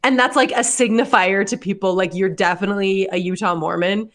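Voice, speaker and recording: A woman's voice: mid-range voice, steady tone, fairly quick, a bit bright. A young adult woman hosting a podcast, telling a story in casual chat, full of likes and laughs. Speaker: podcast host.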